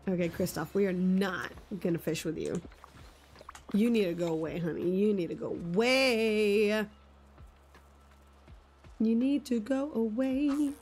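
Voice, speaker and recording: Bubbly giggly woman streaming a game. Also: mid-range voice. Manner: bubbly, gushing and giggly, talking to chat. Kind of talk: live game stream chat. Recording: faint music behind.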